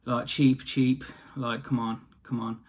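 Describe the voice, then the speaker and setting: A man's voice: mid-range voice, level tone, slow. A man voicing Jack, a dim but cocky young lad in a storybook tale, with a cheeky, pushy way of talking.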